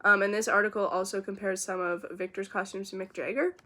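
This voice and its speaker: A woman's voice: mid-range voice, fairly even intonation, a little fast, bright, forceful tone. A woman vlogger talking casually and with strong opinions, with lots of "like" and "um". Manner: opinionated, chatty, frequent "like" and "um". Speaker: vlogger reviewing a film. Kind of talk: casual chat.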